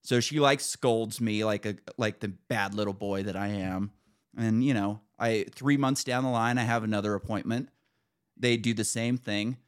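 A man hosting a podcast, casually telling an exasperated, animated story with some swearing. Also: lowish voice, moderate pace, clean tone. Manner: animated, exasperated retelling with profanity. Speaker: podcast host.

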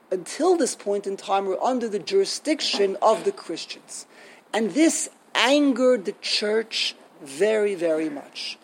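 A man giving a lecture on a liturgical poem, halting and restarting often and asking himself rhetorical questions. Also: high-pitched, creaky, slight background noise, rough recording. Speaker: Torah teacher.

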